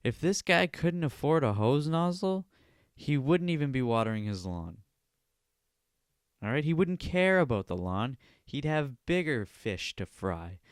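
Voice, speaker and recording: A man's voice: medium pitch, smooth, dry recording, clean studio sound. Profane ranting man hosting a podcast. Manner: repeats "all right?" as a verbal tic. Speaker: podcast host. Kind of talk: solo podcast commentary rant.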